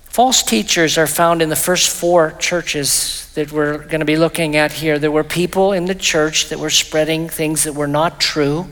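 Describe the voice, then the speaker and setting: A man with a slightly higher-pitched voice teaches a Bible study, explaining passages in a relaxed, conversational way and slowing down to read scripture aloud. His voice rings with the long reverb of a church hall. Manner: explanatory, reads scripture aloud slowly, frequent fillers and restarts.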